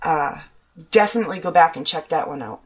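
This low-pitched woman talks a bit fast, hosting a podcast in a New Hampshire accent. Her casual chat mixes self-mocking humor with easy swearing, and the sound quality is dull lo-fi.

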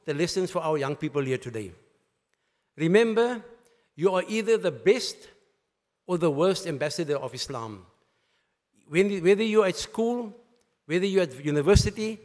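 A man delivers a Friday sermon, his voice pitched a little high for a man. He is emphatic and repeats key phrases for weight. The sound carries a long reverb from a mosque hall. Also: a little mellow. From South Africa. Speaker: mosque speaker.

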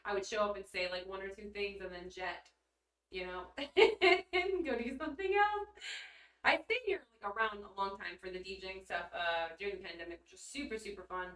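A woman's voice: mid-range voice, normal speed, a bit bright. A woman chatting casually on a livestream, reading her chat aloud, bubbly and giggly with blunt casual swearing. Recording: roomy echo, mic at a distance.

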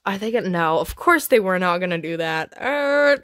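A woman's voice: fairly low pitch, normal speed, dry recording. Bubbly gamer girl commenting on her trades, voice bouncing way up and down, dry close sound. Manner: excitable, gasps and squeals when surprised; chatty, talks to viewers and other players. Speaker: gaming channel host. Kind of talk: playing a trading game while commenting casually.

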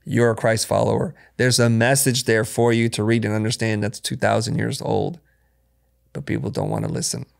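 Middle-aged guy on a podcast, gravelly voice, storytelling, acts out bits of dialogue. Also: normal speed. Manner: storytelling, acts out quotes with lively jumps in pitch. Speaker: podcast guest, design educator. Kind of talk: conversational interview answers.

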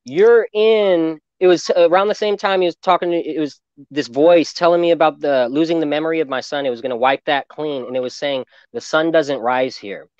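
A man hosting a casual interview, talking in a relaxed, affirming way and telling his own story. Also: on the high side, fairly quick, clear, resonant tone, no echo, highs cut off. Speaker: host.

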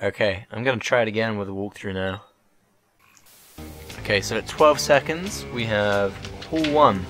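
A man commenting on a game he is playing, jokey and excitable with sing-song exclamations. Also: lowish voice, moderate pace, poor audio. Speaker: gaming video host. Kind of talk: let's-play commentary. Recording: game music playing behind.

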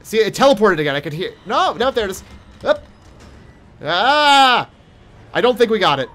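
A young man giving let's play commentary on a horror game, jumpy and profane, yelling at monsters and taunting them. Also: high voice, big pitch swings, moderate pace. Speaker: gaming streamer.

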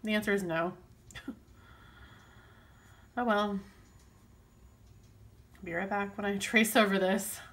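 A woman's voice: medium pitch, steady tone, slow, pauses often, a bit bright. A woman chatting casually and rambling while she works on her planner, full of fillers and self-deprecating asides. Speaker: planner vlogger.

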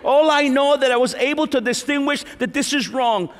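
A middle-aged man, preaching a lively sermon testimony as a pastor and acting out the voices in his story. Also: extremely high pitch, normal speed. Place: large church hall. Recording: reverberant church hall.

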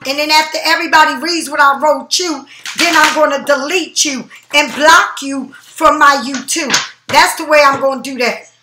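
High-voiced woman reader going off on commenters, swears a lot, aave, echoey room. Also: background noise. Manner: profane, confrontational, slow emphatic stresses. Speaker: tarot reader. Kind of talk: angry rant to camera. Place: home.

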